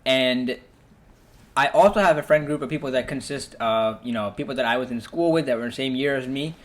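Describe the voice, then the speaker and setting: A young man hosting a podcast, telling animated stories in casual chat, laughing often and using many fillers. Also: mid-range voice, fairly quick. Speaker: podcast host.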